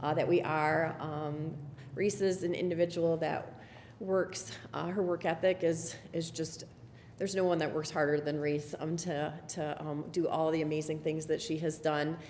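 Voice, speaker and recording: A woman's voice: deep voice, little pitch movement, normal speed. A woman who is a dean of students, praising a student with frequent fillers. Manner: warm praise, hesitant fillers. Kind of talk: tribute speech. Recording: hall reverb with faint noise.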